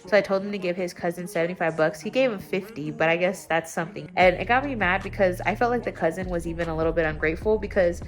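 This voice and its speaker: A young woman talking at home in a casual confessional vlog, candid and rambling, her voice jumping up when she gets excited. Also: quick pace, few pauses. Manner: candid and rambling, with sudden excited jumps in pitch. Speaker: vlogger. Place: at home, indoors.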